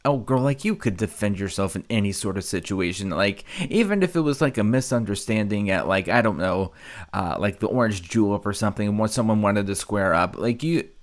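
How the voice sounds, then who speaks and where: A man's voice: lowish voice, animated, a little fast. A man giving casual, exasperated reaction commentary, sarcastic and mocking.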